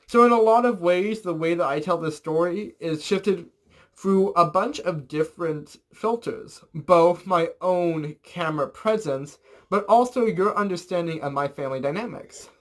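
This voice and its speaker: A young man telling a rambling, animated storytime in a casual vlog, full of fillers and the odd swear word. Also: high voice, normal speed. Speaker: vlogger.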